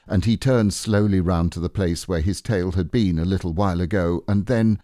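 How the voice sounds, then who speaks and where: A man reads a storybook in a very deep, mellow voice. His pace is slow and unhurried, and his pitch rises and falls with lively expression. He is recorded on a close mic in a dry, dead room. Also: no echo. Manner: slow and unhurried, gentle phrasing. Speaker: audiobook reader. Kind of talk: storybook narration.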